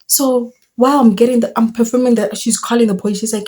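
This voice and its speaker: A young woman tells a story in an animated, exclaiming way. She uses slang and mixes local words into her speech. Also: a little high, fast talker, breathy edge. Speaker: vlogger telling a story. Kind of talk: storytime vlog.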